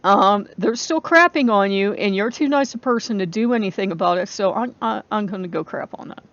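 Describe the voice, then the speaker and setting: A woman's voice: mid-range voice, a little fast, a bit bright, no echo, lo-fi sound, lightly acted. A woman voicing a protective, mischievous male trickster god who talks bluntly and indignantly.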